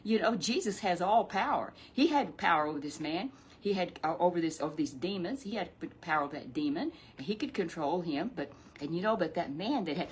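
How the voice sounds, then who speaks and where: A woman telling a Bible story to a puppet, in an animated, rambling way with drawn-out emphasis. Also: on the low side, a little hiss or hum.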